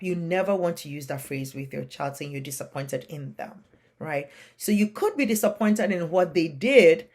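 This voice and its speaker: A woman's voice: on the low side, animated, moderate pace, darkish tone. Earnest woman giving parenting advice. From non-Western country. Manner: earnest, plain-spoken, keeps asking "right?". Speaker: parenting coach. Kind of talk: advice talk to camera.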